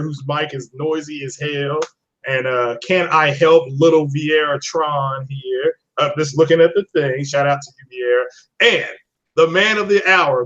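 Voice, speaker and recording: A man hosting a casual live-streamed podcast, upbeat and full of shout-outs to his chat. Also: fairly high pitch. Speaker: podcast host. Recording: muffled lo-fi stream audio.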